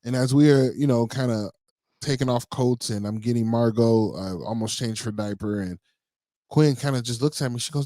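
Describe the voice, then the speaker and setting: A man co-hosting a podcast, telling parenting stories in a relaxed, rambling way full of fillers. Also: medium pitch, moderate pace, dry recording. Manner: relaxed storytelling with many fillers. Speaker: podcast co-host. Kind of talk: casual chat.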